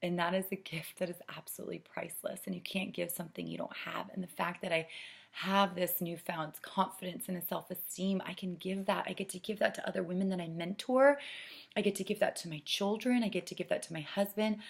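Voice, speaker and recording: A middle-aged woman coaching saleswomen, earnest and persuasive, dropping to a soft hush to stress a point. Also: lowish voice, fairly even intonation, a little fast, vocal fry, breathy edge. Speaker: sales director training consultants. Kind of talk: coaching talk with acted sales pitch.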